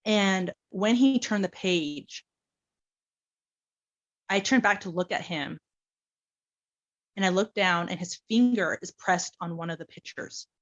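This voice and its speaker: A woman with a lowish voice speaks slowly with long pauses on a lo-fi recording, casually telling her adoption story; she's animated, acts out the quotes, and laughs often.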